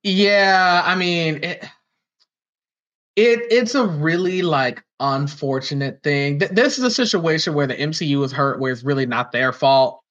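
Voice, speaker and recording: A man co-hosts a podcast, chatting casually and laughing easily. His voice is on the high side and a bit bright, with a measured pace, and the recording sounds dull and lo-fi.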